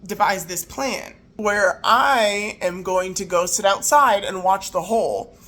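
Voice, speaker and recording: Animated woman in her thirties telling a story. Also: mid-range voice, takes it slowly. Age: 30s. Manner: animated, incredulous retelling with quoted voices. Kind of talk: casual storytime.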